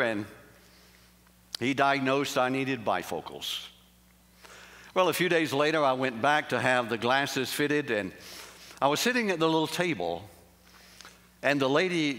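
A man's voice: medium pitch, fairly bright tone. A middle-aged male pastor preaching a sermon with folksy stories that rise into emphatic praise. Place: large camp meeting hall. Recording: long hall reverb.

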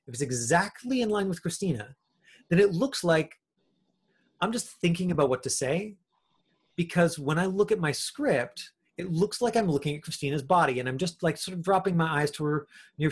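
A man's voice: fairly high pitch, breathy edge. A man teaching an acting class over a video call, in a chatty way with lots of fillers. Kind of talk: casual online class talk.

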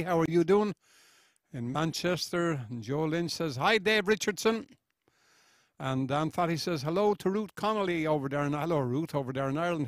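A man's voice: sits high, creaky, no echo, clean studio sound. A man hosting a live stream, chatting casually, reading out viewers' greetings one by one with friendly, rambling asides. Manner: chatty and friendly, with frequent uh fillers. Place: small studio.

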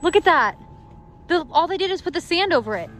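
A young woman vlogging outdoors in a cemetery, excitable and jumpy, with nervous laughs. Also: very high-pitched, fairly quick, faint music behind, rough recording. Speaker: paranormal vlogger. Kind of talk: casual vlog commentary. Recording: outdoor ambience and passing vehicles.

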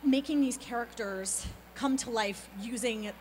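A woman in her thirties, a voice actor being interviewed at a convention on a handheld mic, talking in a bubbly, quick, laughing way. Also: fairly high pitch, a little mellow. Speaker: voice actor guest. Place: convention hall. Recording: reverberant hall with faint background noise.

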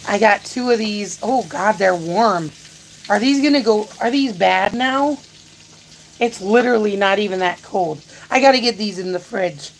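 A woman's voice: medium pitch, normal speed, a little hiss or hum, low-quality recording. A woman hosting a casual live grocery haul, chatting to her viewers and her dog as she goes. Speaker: live-stream host.

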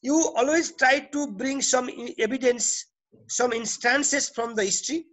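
A man's voice: very high-pitched, measured pace, a bit bright. Teacher, male, Nepali English accent, repetitive explaining style with frequent "okay?" check-ins. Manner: repeats and restarts phrases, checks in with "okay?". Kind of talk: classroom lecture.

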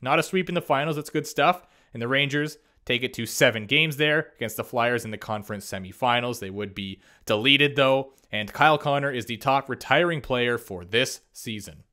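A young man giving casual, excitable commentary over a sports video game simulation, reacting quickly and laughing as he reads out stats. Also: medium pitch. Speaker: gaming YouTuber.

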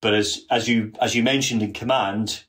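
A man's voice: on the low side, fairly even intonation, moderate pace, fairly bright tone. A man guesting on a history podcast, earnest and detailed, often restarting his sentences as he explains. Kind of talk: casual history podcast chat.

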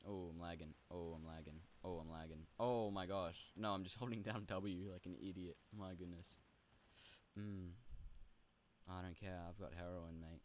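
Playful low-voiced young man gaming. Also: steady tone, normal speed, a little hiss or hum. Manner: playful, chatty, jumps to high squeaky goofy bits. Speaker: gaming video host. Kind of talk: casual role-play commentary.

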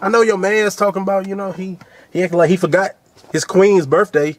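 An actor in a comedy skit playing a smooth-talking coworker who courts a colleague as her work husband. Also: high-pitched, fairly even intonation, a little fast, slight background noise, close to an everyday voice. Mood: coaxing.

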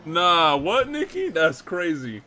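A man's voice: fairly high pitch, huge pitch swings, slow, sharp tone, a little hiss or hum. A man roleplaying a character in a game, talking in slang, laughing and protesting a lot. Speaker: roleplay streamer.

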